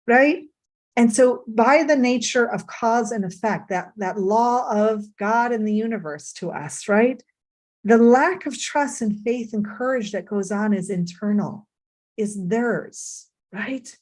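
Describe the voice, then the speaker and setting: A woman's voice: fairly high pitch, slow. Reflective woman teaching Torah mindfulness. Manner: reflective, checks in with "right?".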